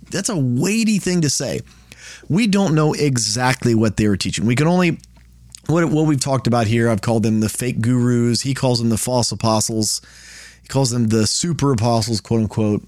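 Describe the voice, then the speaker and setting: A man hosts a Bible study lesson in an easy, conversational voice, often repeating and restarting words as he explains. His pitch sits mid-range for a man. The sound is dry and close. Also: a little mellow, no echo. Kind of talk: casual Bible teaching.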